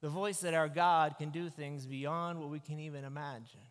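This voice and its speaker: A man, a pastor, giving an animated, conversational sermon into a microphone. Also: a little high, moderate pace. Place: church sanctuary. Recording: echoey church hall.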